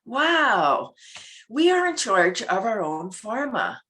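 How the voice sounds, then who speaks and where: A middle-aged woman, a laughter club founder and guest, chatting casually in an animated way, acting out little scenes and breaking into laughter. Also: unhurried. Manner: animated, acts out scenes with sudden high-pitched voices and bursts of laughter. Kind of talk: casual interview chat.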